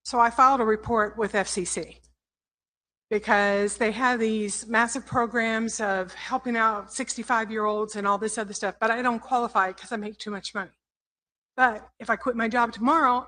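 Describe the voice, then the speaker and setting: An older woman speaks at a council podium microphone, her voice bright and sharp. She talks in an emotional, halting way and keeps apologizing. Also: on the high side, steady tone, low-quality recording. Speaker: public commenter. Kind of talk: public comment at a council meeting. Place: council chamber.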